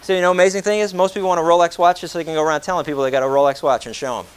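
A man preaching a sermon, animated and joking, firing rhetorical questions at his congregation. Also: fairly high pitch, very fast, smooth. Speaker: pastor.

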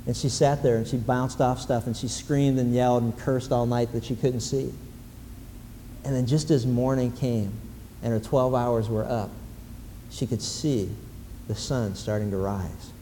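Animated male preacher in a reverberant hall. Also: medium pitch, measured pace, a little hiss or hum. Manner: animated, repetitive emphasis, rising to loud exclamations. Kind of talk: sermon. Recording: long reverb in a large hall, faint ambience.

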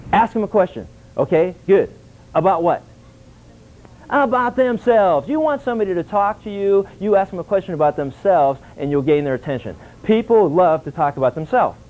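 A man teaching a Bible class in an animated sermon style, acting out dialogue and asking his listeners questions. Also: sits high, normal speed. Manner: animated, acts out dialogue, asks the audience questions. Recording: tinny phone-like lo-fi recording.

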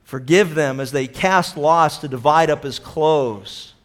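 A man preaching a sermon, impassioned, swinging between loud acted-out quotes and hushed, earnest passages. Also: a little high, a little slow. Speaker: pastor.

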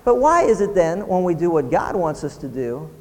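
A man pastor preaching a sermon, building from quiet talk to loud shouting and firing rhetorical questions. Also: on the high side, very animated, normal speed, long reverb tail.

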